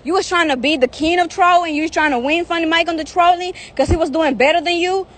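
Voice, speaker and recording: High-voiced woman ranting angrily. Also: quick pace, fairly bright tone. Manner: heated, profane, repetitive. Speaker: live streamer. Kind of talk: angry live-stream rant. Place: outdoors in the heat.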